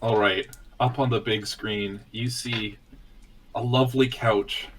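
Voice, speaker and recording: A man's voice: lowish voice, slow, poor audio. A man playing a tabletop game, narrating his scene in a playful, joking way. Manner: animated, joking. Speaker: player.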